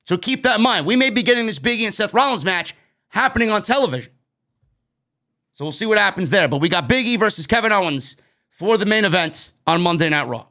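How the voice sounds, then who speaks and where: A man's voice: high-pitched, expressive, a little fast, pushed and bright. A man reviewing a wrestling show in a casual, blunt way, swearing freely and sounding exasperated at what he dislikes. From New York. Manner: blunt, profane, exasperated commentary.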